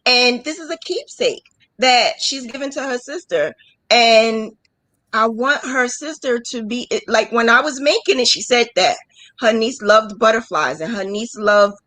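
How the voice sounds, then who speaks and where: A woman's voice: a little high, dry recording, low-quality recording. A woman mentoring crochet business owners in a casual live chat, talking emotionally and acting out little quotes. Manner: animated, emotional storytelling with acted-out quotes.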